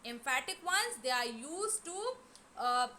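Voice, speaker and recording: A woman teaching a grammar lesson, explaining slowly and repeating key words. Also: sits high, lively intonation, pushed and bright, a little hiss or hum. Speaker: English teacher. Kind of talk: online class lesson.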